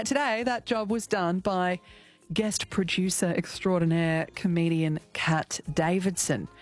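A middle-aged Australian woman hosting a radio show, chatting playfully and laughing often. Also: medium pitch. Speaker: radio host. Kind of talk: casual radio chat. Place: radio studio.

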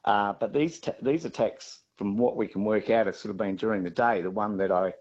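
An Australian farmer speaks in a lowish voice, pausing often and restarting his sentences. The line sounds dull and lo-fi. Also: a little mellow, slightly rough. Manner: halting, with many fillers and restarts. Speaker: farmer interviewee.

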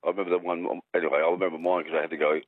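Deep-voiced australian man, fast rambling caller, tinny phone line. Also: little pitch movement, no room sound. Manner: rambling, jokey, stumbles over words. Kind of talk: rambling talkback phone call.

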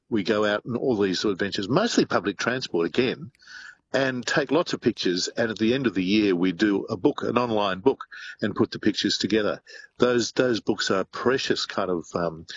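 Older male co-host, reflective, lowish voice, slightly dull sound. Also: a little hiss or hum. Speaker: radio co-host. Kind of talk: talkback radio chat.

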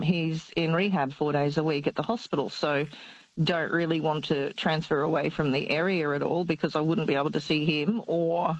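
A woman's voice: sits low, no echo, dull audio. A middle-aged woman calling in to a radio show, anxious and tired, talking hesitantly with many fillers and nervous laughs. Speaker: caller. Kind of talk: casual chat.

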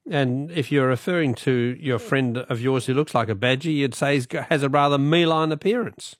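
A man hosting a talkback radio quiz, brisk and jovial with quick asides to callers. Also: medium pitch, no echo, studio quality. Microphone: studio microphone.

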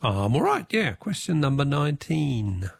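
Brisk Australian radio quiz host, man. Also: mid-range voice, very animated, gravelly, slightly rough, no room sound. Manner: brisk, friendly, counts questions aloud.

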